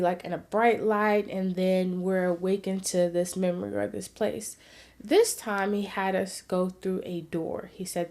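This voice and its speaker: A woman's voice: medium pitch, creaky. Female vlogger with a mid-range voice, earnest and reflective, telling a personal story. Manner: reflective, earnest, soft-spoken at times.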